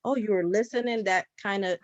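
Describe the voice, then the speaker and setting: Woman with a non-native accent, mid-pitched, halting and word-searching, on muffled lo-fi call audio. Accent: non-native English accent. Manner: hesitant, searches for words. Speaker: meeting participant. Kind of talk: casual discussion. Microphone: video call.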